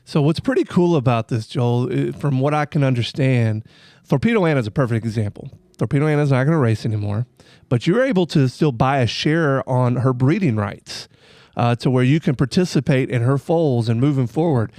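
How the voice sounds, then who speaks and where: A man hosting a podcast, asking relaxed questions with plenty of fillers. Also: mid-range voice, brisk, no echo, clean studio sound. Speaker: podcast host. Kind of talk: podcast interview.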